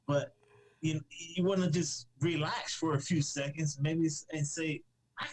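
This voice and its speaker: A slightly high, steady-toned male voice moves at a measured pace and sounds a little mellow over poor audio. He's a comic creator appearing as a podcast guest in a casual live-stream chat, rambling, restarting often, using fillers, joking and laughing easily.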